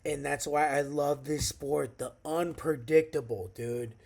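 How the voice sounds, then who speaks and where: Man, thirties, excitable, swears constantly, slangy fight recap, mellow dark voice. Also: on the high side, measured pace, creaky. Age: 30s. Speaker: MMA fight recap vlogger. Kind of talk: casual fight recap monologue.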